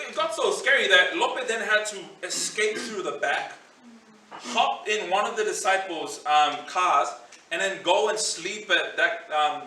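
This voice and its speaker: A male pastor with a high-sitting, pushed and bright voice preaches a conversational sermon in a church hall, often saying "you know" as he tells his congregation a story. The recording sounds roomy and distant.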